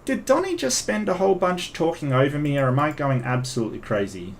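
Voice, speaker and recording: A man's voice: on the high side, sing-song, quick pace, creaky, few pauses, slight background noise. A man hosting his own livestream in a rambling, stammering, exasperated way. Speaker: livestream host. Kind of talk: casual livestream commentary.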